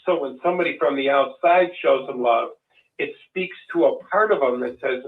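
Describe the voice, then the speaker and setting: A man's voice: on the high side, normal speed. A man co-hosting a call-in show, telling a long story in a rambling, folksy way with many restarts. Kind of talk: casual storytelling chat. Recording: distant, phone-like lo-fi sound.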